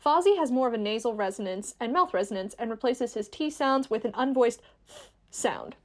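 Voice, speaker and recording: A woman reading a scripted video essay in a clear, measured, explanatory way. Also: on the high side, animated. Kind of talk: scripted narration.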